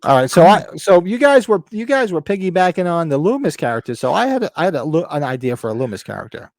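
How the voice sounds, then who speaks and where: A man's voice: on the high side, very animated, fast talker, no echo, clean studio sound. A man co-hosting a podcast, chatting casually, rambling and restarting, with some swearing. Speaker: podcast co-host. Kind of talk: casual chat.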